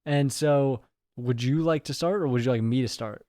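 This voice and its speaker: A man's voice: mid-range voice, normal speed, mellow, dry recording, clean studio sound. A young man co-hosting a podcast, trading jokes and teasing banter in casual chat. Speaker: podcast co-host.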